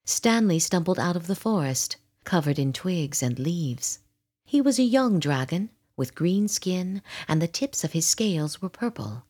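A woman narrating a children's storybook in a gentle, expressive way. Her voice sits fairly low and drifts up and down in a lilting melody, at an unhurried pace. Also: husky. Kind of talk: storybook read-aloud.

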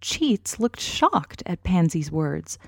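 Woman reading a kids' story, slow and low-pitched, dry close sound. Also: dry recording. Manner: slow, clear, expressive reading. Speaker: narrator.

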